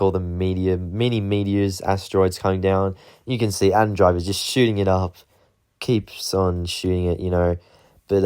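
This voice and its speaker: A low-pitched man with a warm, relaxed tone talks through a film recap in an offhand, rambling way. His voice is smooth and clean, and he fills his sentences with casual fillers. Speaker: movie reviewer.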